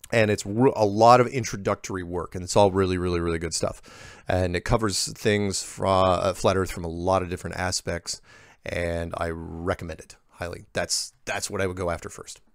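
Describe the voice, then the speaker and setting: A man hosting a show, reading viewer emails aloud and answering them in a halting way, often restarting his sentences. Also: deep voice, no room sound, clean studio sound. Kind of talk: casual reading and commentary.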